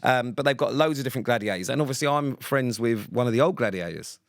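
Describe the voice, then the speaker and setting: A man's voice: medium pitch, animated, fast talker, dry recording, clean studio sound. A man co-hosting a podcast, telling stories in casual chat, sweary and full of fillers. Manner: sweary, rambling storyteller with many fillers. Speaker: podcast co-host.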